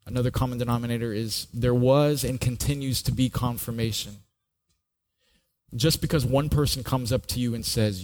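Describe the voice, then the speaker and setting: In this sermon, a middle-aged male pastor recounts his own story with a mid-range, somewhat mellow voice. His intonation stays fairly even and his speed is normal, and he earnestly repeats a word when launching into a new thought.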